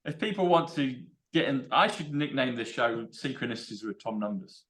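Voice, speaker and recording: An English man hosting a casual chat, excitable and rambling as he works through number codes aloud. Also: mid-range voice, brisk, reverberant. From England. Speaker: show host.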